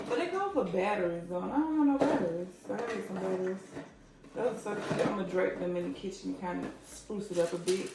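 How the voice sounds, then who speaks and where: A woman's voice: medium pitch, creaky, heavy background noise. A woman giving a casual, chatty home decor tour, pointing out items as she walks from room to room. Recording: echoey room.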